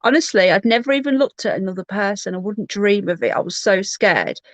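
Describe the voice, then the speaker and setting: A woman's voice: mid-range voice, animated, brisk, no echo. A woman hosting a livestream, telling a personal story in a candid, rambling way with frequent restarts. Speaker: livestream host.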